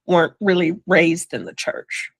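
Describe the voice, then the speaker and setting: An older woman shares her life story as an interview guest, speaking slowly and thoughtfully and falling to a whisper on quoted words. Her voice is on the low side, sing-song and creaky, captured in a dry, low-quality recording.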